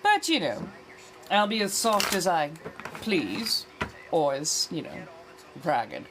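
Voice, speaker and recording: A woman with a lowish voice chats on a livestream in an affected old-fashioned American accent. She is languid and theatrical, drawing out her words and calling her viewers darling. A faint hiss runs underneath. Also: very animated, slow pace. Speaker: livestream host. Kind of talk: casual chat.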